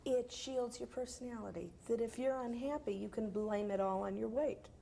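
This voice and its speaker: A woman's voice: on the high side, moderate pace, creaky, dark tone, slight background noise. A middle-aged woman on a televised panel who makes short, firm statements.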